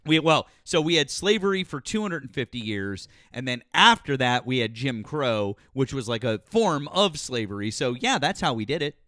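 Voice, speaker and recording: A man's voice: medium pitch, big pitch swings, normal speed, few pauses, sharp tone, no room sound, studio quality. A young man hosting a call-in show, blunt and combative, swearing often in a heated debate.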